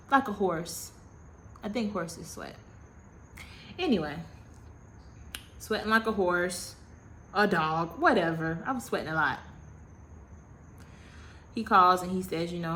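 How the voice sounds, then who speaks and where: Woman, 30s, lowish voice, casual vlog storytime, dramatic and slangy, light background hiss. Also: measured pace, long pauses. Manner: animated, dramatic retelling with repetition; slangy, self-mocking. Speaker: vlogger.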